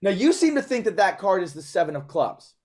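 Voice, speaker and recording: Chatty showy male magician, lively pitch. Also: fairly quick. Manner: showy, self-mocking, chatty with volunteers. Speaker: magician performing for a live audience. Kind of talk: upbeat magic patter.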